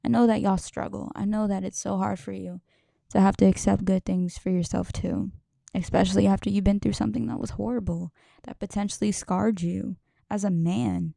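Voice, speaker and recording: A woman's voice: mid-range voice, steady tone, normal speed, gravelly, warm tone, no room sound, clean studio sound. A young woman hosting a podcast, talking in a rambling, emotional way, swearing and laughing often. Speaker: podcast host. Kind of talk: casual podcast monologue.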